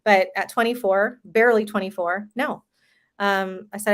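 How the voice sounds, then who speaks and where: A woman's voice: medium pitch, steady tone, normal speed. Woman, 30s, frank interview guest who talks openly about her own life. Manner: candid storytelling, swears casually. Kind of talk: casual podcast interview.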